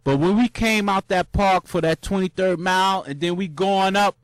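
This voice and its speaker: A young man casually recounting a marathon, animated and full of slang, jumping into high shouts when he acts out cheering crowds. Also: normal speed, clear, resonant tone, no room sound, studio quality. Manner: loose, repetitive slang with many restarts. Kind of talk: casual storytelling monologue.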